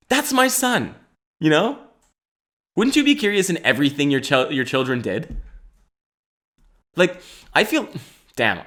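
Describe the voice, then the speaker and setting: A man in his twenties with a slightly high, fairly bright voice hosts a solo comedy podcast. He rambles and jokes, laughing often and swearing casually throughout his monologue.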